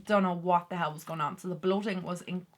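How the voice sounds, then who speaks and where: A woman's voice: lowish voice, fairly even intonation, fairly quick. A woman chatting candidly to camera as a vlogger, full of "like" fillers. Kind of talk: casual talk to camera.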